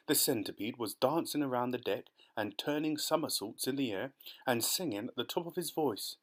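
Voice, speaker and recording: A man narrating a children's storybook audiobook in an expressive, dramatic way. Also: mid-range voice, moderate pace.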